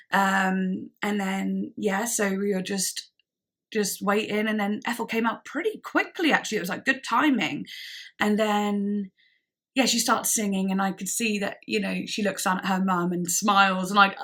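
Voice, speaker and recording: A woman's voice: mid-range voice, pushed and bright. A young woman telling a story on her vlog, chatty and giggly, acting out bits of dialogue and using lots of fillers. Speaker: vlogger.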